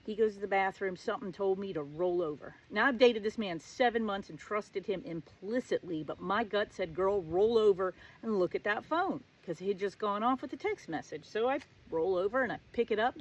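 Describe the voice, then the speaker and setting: A woman's voice: mid-range voice, animated, brisk, few pauses, highs cut off. A middle-aged woman hosting her own show, telling a personal story in a casual, sassy and sarcastic way. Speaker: show host.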